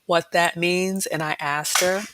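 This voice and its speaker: A woman's voice: on the low side, steady tone, unhurried, noisy background. A middle-aged woman hosting a cooking channel livestream, chatting casually and repeating words for emphasis.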